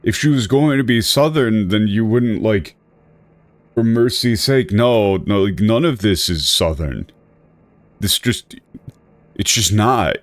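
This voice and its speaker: Give me an exasperated man on a livestream, low-pitched and rambling, recorded dry and close. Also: expressive, slow, no room sound. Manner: rambling, self-correcting, exasperated. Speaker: streamer. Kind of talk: casual livestream commentary.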